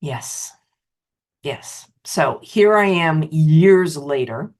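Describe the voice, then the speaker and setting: A middle-aged woman, a betrayal recovery specialist, tells her own story with emotion, repeating phrases and swinging her pitch up hard for emphasis. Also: animated, very slow, a little mellow. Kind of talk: personal testimonial talk.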